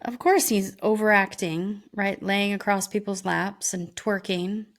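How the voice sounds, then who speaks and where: A woman's voice: mid-range voice, fairly even intonation, unhurried. A woman co-hosting a podcast, mostly agreeing in short replies and adding her own takes. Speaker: podcast co-host. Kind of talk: casual chat.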